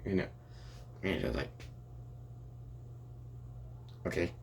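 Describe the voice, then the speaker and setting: A man's voice: low-pitched, takes it slowly, vocal fry, slight background noise. A young man improvising a rambling fan story aloud, full of restarts and "and he's like" asides. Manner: rambling, many restarts and "and it's like".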